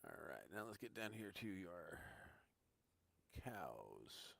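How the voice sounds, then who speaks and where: A man's voice: low-pitched, very animated, slow, vocal fry, a bit bright. A man chatting casually with viewers while he tours a farming game live, thinking aloud as he goes. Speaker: gaming streamer. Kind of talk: casual live-stream commentary.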